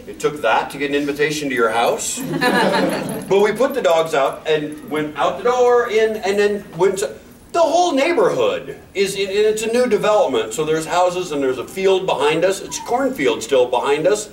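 High, lively man telling a funny story. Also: moderate pace. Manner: animated storytelling with sound effects and laughter. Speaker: convention panel host. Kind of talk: humorous anecdote on a panel. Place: convention panel room. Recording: echoey hall, distant mic, room noise.

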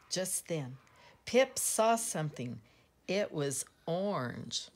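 Slow, expressive woman reading a bedtime story. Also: low voice. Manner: gentle, expressive, commenting on pictures. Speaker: teacher. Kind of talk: bedtime storybook read-aloud.

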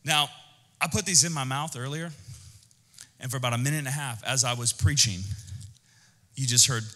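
A man preaching a sermon as pastor, animated and conversational, with jokes. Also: mid-range voice, moderate pace, long reverb tail. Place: church auditorium.

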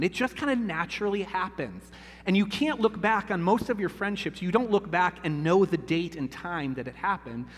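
A man's voice: fairly high pitch, a bit bright, in a large hall, slight background noise. A man in his thirties preaching a sermon in a church, talking casually and asking "right?" often. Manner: conversational, repeats "right?" often. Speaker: pastor. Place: church sanctuary.

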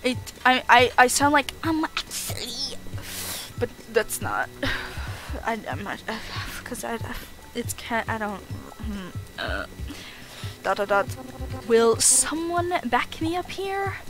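A woman streaming a game, talking casually, halting and interrupting herself as she thinks. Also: fairly high pitch, very animated, poor audio. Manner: halting, self-interrupting, stammers while thinking. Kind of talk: casual gameplay commentary. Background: game music.

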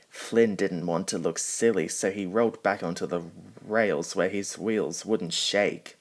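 A man reading a children's storybook aloud, slowly and carefully. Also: deep voice. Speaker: storybook reader. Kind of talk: storybook narration.

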